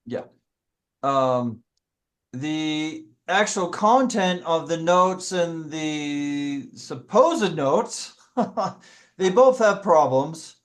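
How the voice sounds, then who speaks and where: A man leading a casual scripture study discussion, explaining in a halting, self-correcting way. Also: a little high, expressive.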